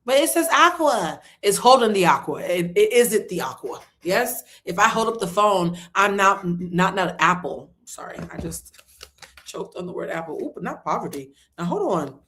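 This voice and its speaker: A woman giving a casual livestream tarot reading. She talks loudly and animatedly, swears freely and breaks into snatches of song. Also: on the low side, animated, normal speed. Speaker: tarot reader.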